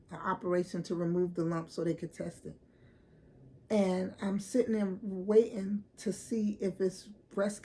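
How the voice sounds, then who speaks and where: Brief: a blunt woman vlogger with a gravelly, warm tone, telling a story straight and unfiltered. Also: medium pitch. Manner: candid, emphatic, repeats and restarts, swears. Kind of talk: casual storytime vlog.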